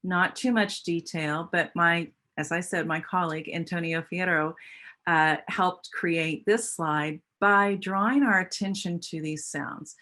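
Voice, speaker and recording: A woman's voice: on the low side, steady tone, unhurried, pushed and bright. An American woman explaining speech sounds in a teacher training presentation, with a patient, explanatory manner and frequent restarts. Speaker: literacy educator.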